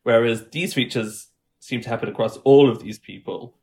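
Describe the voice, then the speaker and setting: A man's voice: medium pitch, steady tone, moderate pace, a little mellow. A man, a dialect coach, explaining his work in a casual podcast interview and picking up speed as he explains.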